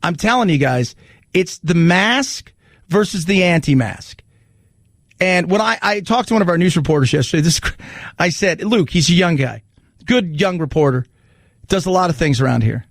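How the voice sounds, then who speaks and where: A man with a fairly high, gravelly voice hosts a talk radio show from his studio. He talks casually and animatedly, slipping into little acted voices for his jokes. The sound is close and dry, with no room around it. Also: normal speed, dry recording. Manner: animated storyteller who acts out voices in jokes.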